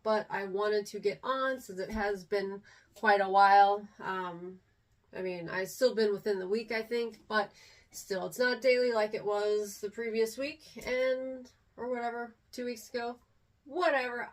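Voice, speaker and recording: A woman in her forties, originally from Texas, talks casually to her viewers. She meanders through her thoughts with plenty of ums and trailing asides. Her voice sits a little back from the microphone. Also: medium pitch. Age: 40s. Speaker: vlogger. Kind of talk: casual chat to camera. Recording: voice a little distant from the mic.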